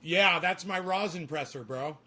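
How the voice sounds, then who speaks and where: A man on a casual livestream, swearing freely and talking to his dog in a high sing-song voice. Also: normal speed, pushed and bright. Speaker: streamer.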